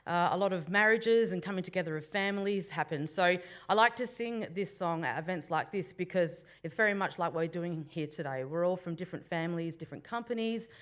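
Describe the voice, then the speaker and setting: A woman from Western Australia, with an Australian accent, gives a Welcome to Country speech to a breakfast audience in an event room. Her lowish voice moves fairly quickly with few pauses. Between formal thanks she jokes with the room, her manner warm and full of playful crowd banter.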